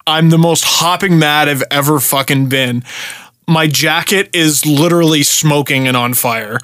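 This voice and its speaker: A young man from Canada, a podcast host telling a story in casual chat, animated and swearing freely. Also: a little high, a little slow, no echo, studio quality. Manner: animated, swearing, acts out shouted quotes.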